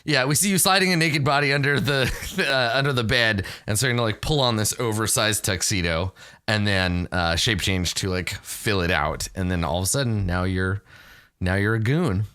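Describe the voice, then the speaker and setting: A man's voice: fairly low pitch, moderate pace, sharp tone, clean tone. A man narrating as game master, setting scenes in a loose, rambling way with many fillers.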